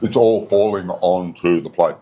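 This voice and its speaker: A man's voice: sits low, normal speed, a little hiss or hum. A man reviewing food at a restaurant table, speaking casually and humming as he savors each bite, recorded on a camera set on the table. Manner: relaxed, savoring each bite with frequent hums. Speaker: food vlogger. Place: indoor restaurant. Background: faint background music.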